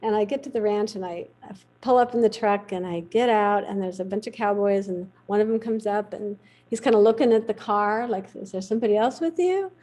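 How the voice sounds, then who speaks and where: A middle-aged woman, a veterinarian, telling a lively anecdote in a podcast interview. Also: mid-range voice, fairly quick, poor audio. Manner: lively anecdotal storytelling, acts out quoted voices. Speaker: veterinarian guest.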